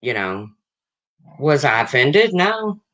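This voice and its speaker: Blunt, lively livestreamer in their fifties. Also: medium pitch, takes it slowly. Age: 50s. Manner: blunt and frank, repeats points. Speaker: livestream host. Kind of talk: casual livestream talk, answering chat.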